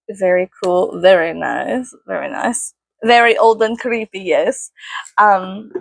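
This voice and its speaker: Giggly woman with a gravelly, husky voice. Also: medium pitch, no room sound. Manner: giggly, rambling and self-mocking. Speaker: vlogger reviewing a perfume package. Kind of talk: casual unboxing chat.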